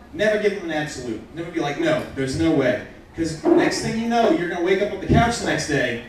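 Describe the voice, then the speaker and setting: A young man doing a stand-up comedy set in a bar, telling crude jokes with brash punchlines. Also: sits high. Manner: crude, brash punchlines with lively swings in loudness. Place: bar venue with a live audience. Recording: echoey bar room, distant mic, crowd noise. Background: crowd reactions.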